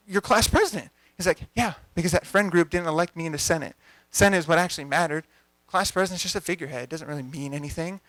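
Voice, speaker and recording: Young male coach, lively storyteller who voices the people in his story; slightly high voice, dry recording. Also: no echo. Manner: energetic, conversational, acts out dialogue. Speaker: coach giving a talk. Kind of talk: storytelling talk to a live audience. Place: event venue.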